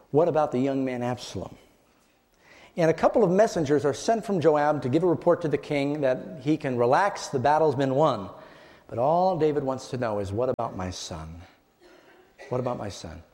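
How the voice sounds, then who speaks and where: Dramatic preacher man in a big hall. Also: warm tone. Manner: dramatic storytelling, voice rising and dropping low. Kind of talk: sermon. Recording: long hall reverb.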